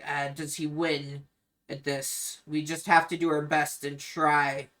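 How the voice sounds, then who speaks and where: A woman's voice: deep voice, flat delivery, fairly bright tone. A woman playing a weary, grieving brother. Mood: somber. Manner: somber, measured and apologetic. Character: weary, grieving young man, protective older brother.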